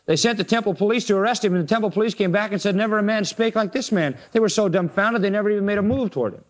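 A man preaching a sermon and retelling a Bible story dramatically, raising his voice for the opponents and dropping it low and quiet for the weighty lines. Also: very fast. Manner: dramatic retelling, acts out the Pharisees in a raised voice.

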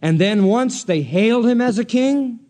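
A man's voice: expressive, moderate pace, dark tone. A man preaching an expository sermon, dramatically acting out the voices he quotes. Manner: dramatic, acts out quoted voices with sweeping pitch.

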